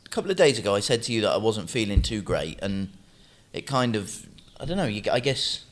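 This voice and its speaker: Low-pitched man, co-host, earnest and hesitant, casual podcast chat. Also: sing-song. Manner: earnest, halting, open about feelings.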